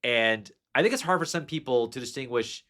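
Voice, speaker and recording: A podcast host with an ordinary-pitched voice discusses movies casually, talking fairly quickly with eager enthusiasm. He sounds relaxed, circling back on himself with fillers and restarts.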